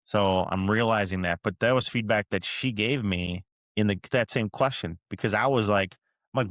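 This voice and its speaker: A man's voice: on the low side, moderate pace, a bit bright, dry recording. A man hosting a podcast, chatting casually about his marriage and retelling his own lines in quotes. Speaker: podcast host. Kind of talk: casual chat.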